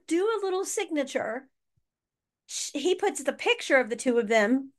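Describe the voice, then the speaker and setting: A woman co-hosting a family podcast, telling a story in a casual, animated and teasing way. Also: high-pitched. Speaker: podcast co-host, mother.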